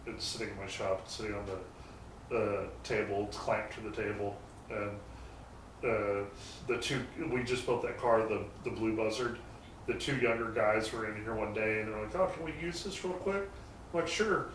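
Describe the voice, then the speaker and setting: A man's voice: on the low side, little pitch movement, moderate pace, recorded from a distance. A man tells loose, meandering stories about his shop, dropping the occasional curse word. He sits some way from the mic in a roomy garage that echoes noticeably, and a faint noise hums underneath. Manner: rambling anecdotes with mild swearing. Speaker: guest, garage shop owner. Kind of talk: casual storytelling chat.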